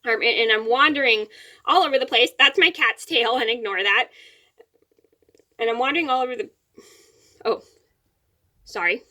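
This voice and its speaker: A woman's voice: fairly high pitch, normal speed, long pauses, sharp tone. A young woman telling a story to the camera in a rambling, casual way, repeating words and apologizing, a little teary-eyed. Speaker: vlogger.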